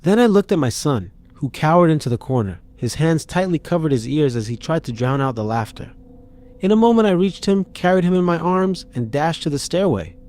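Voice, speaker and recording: Man narrating a dark horror tale. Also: fairly high pitch, very animated, a little fast. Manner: tense, dramatic reading. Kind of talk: first-person horror story narration.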